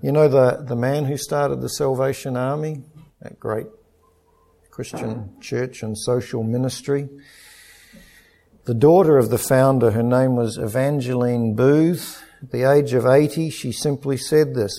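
A middle-aged pastor preaching an earnest, measured sermon with stories. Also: male voice, medium pitch, fairly even intonation, creaky, mellow.

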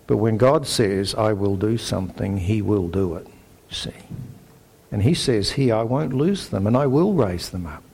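A man's voice: lowish voice, lively intonation, a little slow, creaky, darkish tone, husky. A man with a New Zealand accent preaching a sermon, earnest and emphatic as he reads scripture aloud. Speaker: pastor.

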